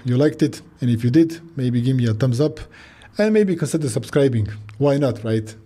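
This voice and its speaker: A man's voice: mid-range voice, lively intonation, normal speed, dark tone, slightly rough. A man in a recorded video earnestly recommending a book, repeating himself and stumbling through restarts. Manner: earnest, repetitive, with frequent fillers and restarts. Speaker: video creator reviewing a book.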